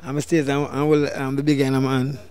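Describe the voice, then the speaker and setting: Animated Jamaican man telling stories. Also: mid-range voice, fairly quick, smooth. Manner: animated, loud bursts when acting out quotes. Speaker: dancehall deejay guest. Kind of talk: storytelling interview.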